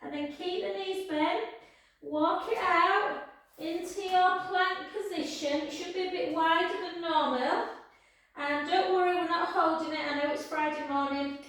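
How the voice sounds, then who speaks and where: A woman instructor guiding a pilates class with slow, soft, soothing cues. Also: very high-pitched, fairly even intonation. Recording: echoey room, far from the mic.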